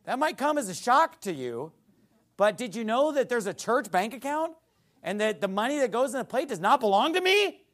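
A man's voice: very high-pitched, very animated, moderate pace, a bit bright. A male pastor preaching a sermon in a church, blunt and mocking.

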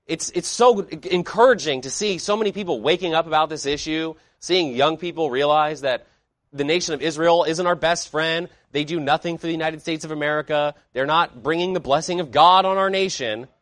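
Swinging between loud pronouncements and hushed asides, a pastor delivers an emphatic sermon to his congregation, posing rhetorical questions along the way. His pitch is fairly high, and the studio-quality recording is dry.

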